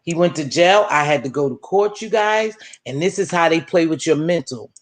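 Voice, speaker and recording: A woman's voice: low-pitched, animated, normal speed, a little hiss or hum. A woman, hosting a casual chat and telling a story while acting out each person's lines. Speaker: vlog host.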